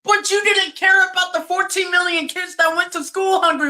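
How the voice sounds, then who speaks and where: A woman's voice: very high-pitched, fairly even intonation, normal speed, bright, forceful tone. A woman streaming a fired-up religious rant. She preaches, mocks, laughs and swears a lot.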